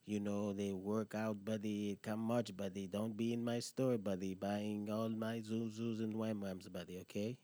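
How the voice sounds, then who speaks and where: A man's voice: fairly low pitch, little pitch movement, moderate pace, hardly any pauses, mellow, no room sound, natural voice. A man putting on a brash, teasing male corner-store owner who talks in broken English and keeps calling people buddy.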